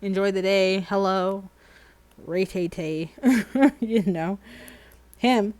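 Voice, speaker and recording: A woman in her thirties chatting casually on a livestream while doing nails, rambling through animated everyday stories. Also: mid-range voice, slow pace, dry recording, poor audio. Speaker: streamer.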